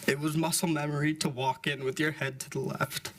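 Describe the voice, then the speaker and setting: A man's voice: fairly high pitch, little pitch movement, brisk, fairly bright tone. A young man, a grandson, delivering a candid eulogy at a funeral service, in plain speech with fillers. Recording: live event recording with background noise.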